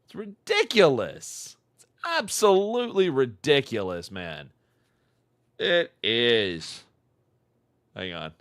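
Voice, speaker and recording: A man's voice: mid-range voice, huge pitch swings, takes it slowly, pauses often, fairly bright tone, no echo. A man streaming a live reaction, mocking a clip with profane, repetitive commentary. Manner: mocking, profane, repeats phrases for emphasis.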